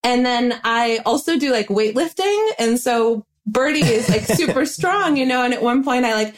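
A bubbly, talkative woman on the higher side of the range tells her story in casual chat. She laughs between phrases and keeps up a lively, running flow. She is from the northeastern United States. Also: normal speed. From Western Massachusetts, US. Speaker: voice actress guest.

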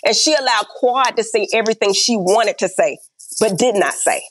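A woman's voice: mid-range voice, normal speed. A middle-aged woman telling stories bluntly in an interview, acting out the dialogue and often asking "right?". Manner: blunt and animated, acts out quoted dialogue, peppers talk with "right?". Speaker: reality TV star and podcast guest. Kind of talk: candid interview storytelling.

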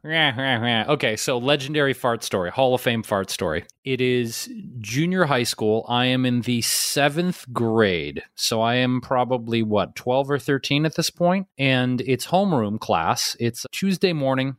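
Hombre contando anécdotas con humor. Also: male voice, medium pitch, measured pace, few pauses, no room sound, studio quality. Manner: animated, lots of "like". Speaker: podcast co-host. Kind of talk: casual comedic storytelling.

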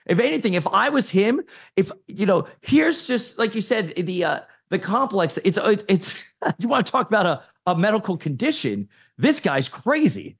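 A man guesting on a talk show, speaking in casual opinion chat, animated, laughing often and tripping over repeated words when fired up. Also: sits high, normal speed, creaky, slightly rough.

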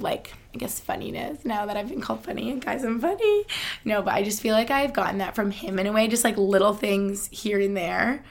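A woman's voice: mid-range voice, gravelly. A young woman in her twenties hosting a podcast, chatting in a casual, upbeat way with lots of "like" fillers and frequent laughter. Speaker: podcast host. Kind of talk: casual chat.

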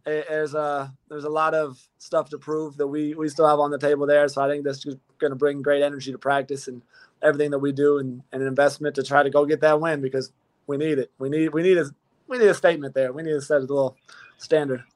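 A man's voice: a little high, little pitch movement, fast, a little mellow. A man being interviewed as a football player guest, talking modestly with many restarts. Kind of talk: casual interview chat.

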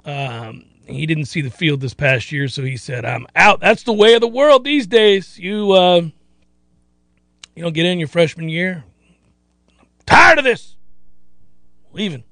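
A man's voice: on the high side, animated, a little slow, dry recording. A man hosting a sports radio show in casual, rambling chat, sometimes slipping into playful mock voices.

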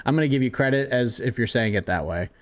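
A man's voice: mid-range voice, lively intonation, fast. Man casually reading listener fight picks. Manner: reads lists of matchups, chuckles often. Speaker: podcast co-host.

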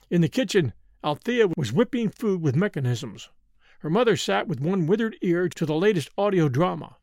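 A man narrating a story as an expressive audiobook reading. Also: sits high, normal speed, no echo, clean studio sound.

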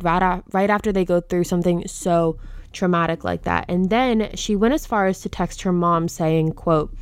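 A woman hosts a true crime podcast, speaking close to the mic with outspoken indignation and openly sharing her own views. Her voice is fairly low and smooth, delivered at normal speed with no echo.

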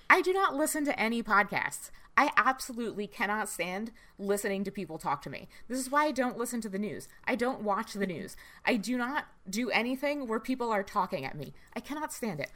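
A woman hosts a podcast interview in a bright, forceful voice. She talks in a chatty, emphatic way and laughs often. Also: medium pitch. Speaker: podcast host.

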